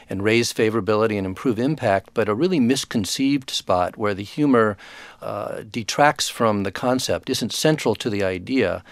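A man who is an author and guest expert in a radio interview, speaking in a thoughtful, measured way with frequent hesitations. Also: lowish voice, no room sound.

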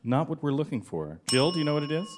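A man's voice: a little high, very animated, fast talker, crowd noise. A man co-hosting a live quiz show, delivering dry jokes. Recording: live audience clearly heard.

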